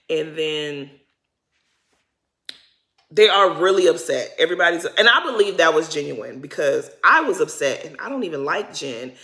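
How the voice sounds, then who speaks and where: A woman giving a casual reality-TV recap, chatty and slangy, swinging between loud emphasis and muttered asides. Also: low voice, expressive, moderate pace. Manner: chatty, slangy and dramatic, addressing viewers as "y'all". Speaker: recap vlogger.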